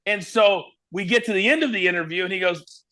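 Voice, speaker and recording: A man from Kansas, a former wrestling broadcaster, telling animated stories as an interview guest. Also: sits high, a little fast. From Kansas, USA. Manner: lively, animated storyteller. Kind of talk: storytelling interview.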